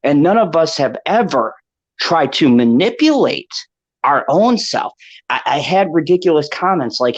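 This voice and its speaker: A man's voice: a little high, lively intonation, moderate pace. A man hosting a casual panel podcast, impassioned, laughing often and swearing freely. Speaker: podcast host. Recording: dull lo-fi call audio.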